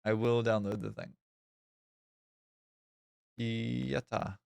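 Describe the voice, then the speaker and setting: A man streaming a game live, chatting casually in an excitable, self-mocking and sarcastic way. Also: mid-range voice, measured pace, gravelly, no room sound. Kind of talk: live gameplay stream chat.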